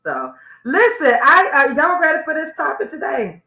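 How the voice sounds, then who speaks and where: A woman's voice: high-pitched, big pitch swings, normal speed, pushed and bright. A woman hosting a live internet radio show, chatting casually with guests and listeners and often restarting her sentences. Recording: roomy echo.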